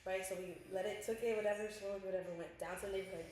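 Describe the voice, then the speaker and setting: A young woman tells her story fast and loose, full of casual slang, as a podcast co-host. The very echoey room rings around her voice, with faint noise behind. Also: mid-range voice, fairly even intonation, a little mellow, far from the mic.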